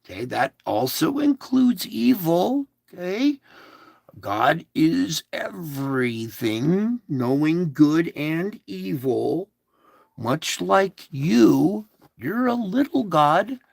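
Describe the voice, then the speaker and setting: A man speaks as God in a devotional talk, unhurried and drawn out, with a gravelly edge to his voice. He is blunt and plain-spoken, slips in crude words, and keeps coaxing the listener with questions. The sound is dry and close. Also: on the high side, sing-song, no room sound.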